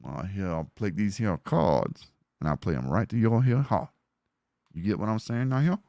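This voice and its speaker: A man's voice: lowish voice, lively intonation, moderate pace, warm tone, dry recording, clean studio sound. A man putting on Gambit's Cajun drawl. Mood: flirty. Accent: put-on Cajun Louisiana. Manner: drawling, rambling and silly. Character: suave flirting Cajun male card-player.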